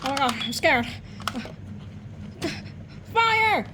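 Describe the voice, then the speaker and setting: Frantic shrieky high woman, puppet skit. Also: big pitch swings, extremely slow. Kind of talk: excited puppet comedy skit. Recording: noisy background hiss.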